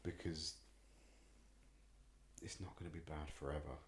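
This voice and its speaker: English dad, co-host, slow reflective chat, very low voice, echoey. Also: male voice, steady tone, slight background noise. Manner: reflective, hesitant with many ums. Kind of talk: casual chat.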